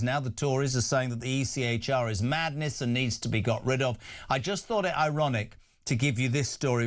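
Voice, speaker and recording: A man hosting a breakfast talk show, speaking in an indignant, emphatic way as he gives his opinions. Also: medium pitch. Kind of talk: opinionated radio debate.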